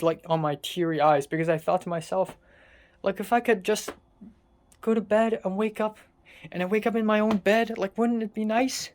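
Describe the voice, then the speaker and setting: In a casual, confessional vlog rant, a young adult from Hong Kong vents with exasperation, sarcasm and plenty of swearing. Their middle-pitched voice comes across as worn out and distressed.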